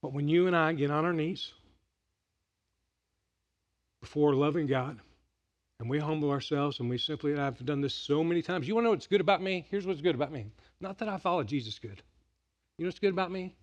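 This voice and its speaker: A middle-aged pastor with a drawl preaches a sermon in a fairly high voice. He tells his stories with animated energy, going loud and excited, then dropping to a hush. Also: a little fast, pauses often, highs cut off. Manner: animated storytelling, swinging from loud and excited to hushed and quiet.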